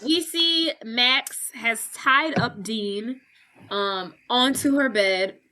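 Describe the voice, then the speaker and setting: A woman podcast host casually recapping a film plot in a chatty, animated way, with filler words. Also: fairly high pitch, extremely slow, rough recording.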